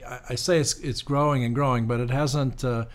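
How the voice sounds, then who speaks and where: A man hosting an interview, speaking in a measured way with some hesitations and fillers. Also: medium pitch, steady tone. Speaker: interviewer, host. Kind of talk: interview talk.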